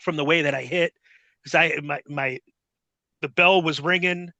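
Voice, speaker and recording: A middle-aged man telling a story as a guest in a casual chat, profane and rambling, with animated retellings. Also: fairly high pitch, moderate pace, no room sound, dull audio.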